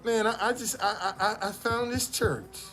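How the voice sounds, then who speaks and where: A man's voice: high voice, fairly even intonation, moderate pace, bright, forceful tone. A man giving a personal testimony to an audience, with casual slangy speech and stammering restarts as he tells his story. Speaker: motivational speaker.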